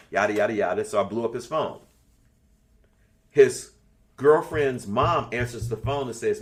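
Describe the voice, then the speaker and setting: A man's voice: medium pitch, brisk. Profane older man telling stories. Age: 60s. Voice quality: blunt, profane, storytelling. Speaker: class leader. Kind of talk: casual spiritual talk to an online class.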